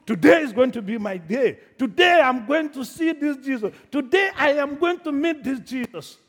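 A man's voice: a little high, slow pace, husky, big-room sound, exaggerated voice. A preacher voicing a blind male beggar, pleading and desperate. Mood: eager. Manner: pleading, rising excitement.

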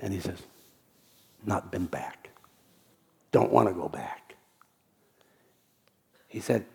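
A man preaching, telling a story in a halting way, often repeating words and dropping to a near whisper for quoted lines. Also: fairly low pitch, creaky, a little mellow. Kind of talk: storytelling sermon.

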